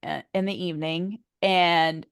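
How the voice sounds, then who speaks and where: Lady in her 40s telling a story, lower voice, does the other people's lines, dead dry mic. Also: a little slow, clean tone, no room sound. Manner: animated storyteller, acts out quoted dialogue, laughs often. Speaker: podcast guest. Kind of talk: conversational storytelling.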